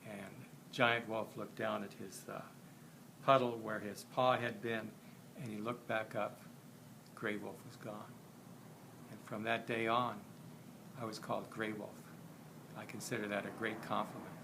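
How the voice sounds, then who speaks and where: A man with a fairly low voice tells a story, pausing often and filling gaps as he goes. His telling is plain and unhurried, with a steady hiss of background noise across the recording. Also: creaky. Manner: halting, frequent pauses and fillers. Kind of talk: spoken storytelling.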